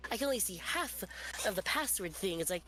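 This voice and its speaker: A woman's voice: mid-range voice, lively intonation, noisy background. Rambling goofy woman gamer. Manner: rambling, goofy, rapid asides. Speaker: stream guest. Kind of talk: casual chat while gaming.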